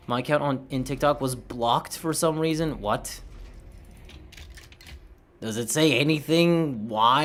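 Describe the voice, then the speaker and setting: A man's voice: a little high, sharp tone. A man chatting casually on a livestream, laid-back, swearing and tripping over words.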